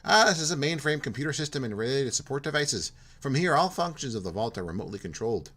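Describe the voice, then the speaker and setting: A man's voice: mid-range voice, lively intonation, fast talker, a bit bright, voice pushed up. A man doing a chatty Minnesota-turned-Irish tech guy. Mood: friendly, chatty. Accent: Minnesota sliding into Irish. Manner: chatty, eager to explain. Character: friendly talkative male vault computer tech.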